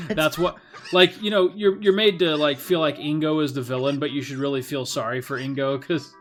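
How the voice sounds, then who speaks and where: A man's voice: a little high, steady tone, normal speed. A man co-hosting a game let's play, rambling through an invented story with lots of laughter and "like". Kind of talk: casual gaming commentary.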